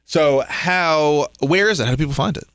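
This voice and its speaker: A man co-hosting a radio talk show, joking freely in a playful, animated way. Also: on the high side, moderate pace, clear, resonant tone, dry recording. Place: radio studio.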